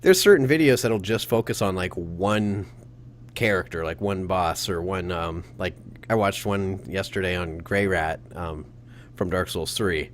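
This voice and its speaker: A man hosting a casual gaming podcast who rambles, laughs often and gets animated when he quotes himself. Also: low voice, measured pace, slight background noise. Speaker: podcast host.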